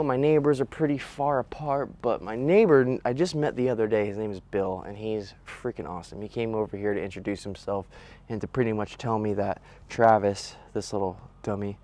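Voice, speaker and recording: This young man's mid-range, slightly mellow voice carries his easygoing, slang-filled vlog narration as he builds something out on rural land. He speaks into a handheld camera mic.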